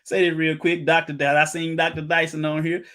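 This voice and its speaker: A man preaching informally, reading quotations aloud and telling personal stories, with loud emphatic outbursts. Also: on the high side, little pitch movement, a little fast. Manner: casual, storytelling, breaks into loud emphatic outbursts.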